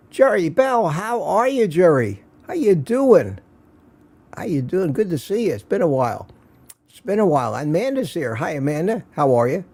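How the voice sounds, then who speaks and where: A man with a fairly high, mellow voice hosts a casual morning livestream from his home studio. Chatty and jokey, he greets viewers by name and reads out their comments with jokes.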